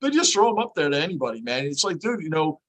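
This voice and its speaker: A man's voice: fairly high pitch, quick pace. A man co-hosting a podcast, chatting casually about sports and acting out coaches' quotes. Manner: animated, acts out coaches' quotes. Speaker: podcast co-host.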